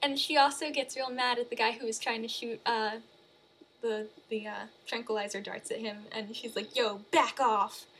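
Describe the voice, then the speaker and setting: A woman casually recapping a movie in a chatty, animated way. She uses lots of fillers and corrects herself as she goes. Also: a little high, normal speed, husky. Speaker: movie reviewer.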